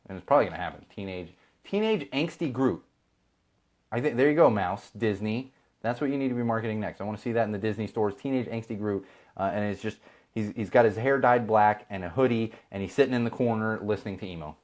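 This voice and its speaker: Animated and quick, this man's voice sits on the low side. A Chicago podcast host in his thirties, he rants in a casual live-stream chat, imitating people and lacing it with sarcastic asides.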